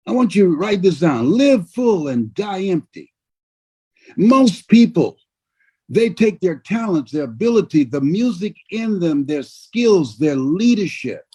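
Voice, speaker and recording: An older man giving a motivational speech in a husky voice, preaching with big swings between shouts and low murmurs. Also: sing-song, a little slow. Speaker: motivational speaker. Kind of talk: motivational speech on a video call.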